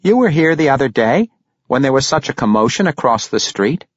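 A man's voice: mid-range voice, big pitch swings, fairly quick, dry recording, dull audio, voice pushed up. A man voicing a cultured old male halfling boss who questions a shopkeeper politely in an audiobook. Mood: gracious. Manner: gracious, polite, probing.

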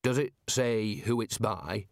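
A man's voice: fairly low pitch, slow, gravelly, dry recording, clean studio sound. A man voicing a pompous, easily offended older wizard, in an audiobook. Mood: huffy.

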